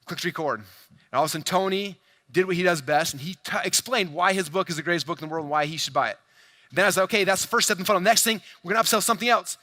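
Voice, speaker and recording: Energetic male convention keynote speaker in his 40s, rapid pitch-heavy delivery, high-pitched and punchy. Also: no room sound. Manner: fast, hyped, addresses crowd directly, acts out quoted dialogue. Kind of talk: energetic stage presentation. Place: large convention hall stage.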